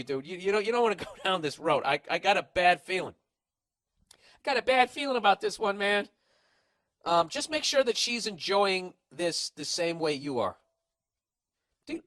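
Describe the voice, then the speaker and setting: A man's voice: high voice, fairly bright tone, dry recording. Blunt, profane male host giving comic advice on a podcast, dry close sound. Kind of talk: comedic advice rant.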